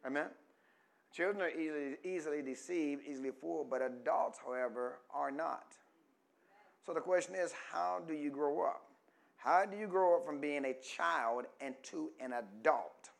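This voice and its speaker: Man preaching, call-and-response sermon, fairly high voice, emphatic drawn-out words. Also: gravelly. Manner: rises from quiet teaching to loud emphatic preaching; stretches key words slowly for emphasis. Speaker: pastor.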